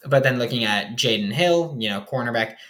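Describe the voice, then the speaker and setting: A young man hosts a casual sports show, picking apart his team's football roster in a loose, rambling way packed with fillers. His mid-range voice is expressive and brisk, with a fairly bright tone.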